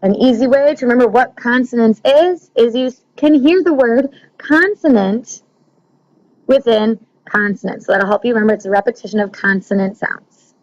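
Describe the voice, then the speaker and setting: This teacher's voice is fairly high in pitch with a darkish tone, and she speaks at a normal speed. She explains a recorded lesson to her students one step at a time, with plenty of ums and regular checks that they are keeping up. The recording is lo-fi and slightly dull.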